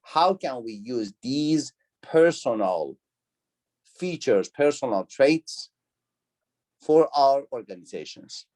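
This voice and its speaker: This man, a university lecturer, is running an online class on a video call. His voice sits at medium pitch with a slightly mellow quality, and his phrasing sounds non-native as he repeats key words and puts questions to the students.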